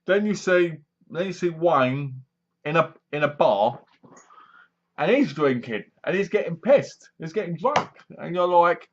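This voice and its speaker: A man's voice: high voice, lively intonation, normal speed, highs cut off. A man reviewing a horror film, retelling the plot with acted-out reactions and sound effects. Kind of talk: casual film review monologue.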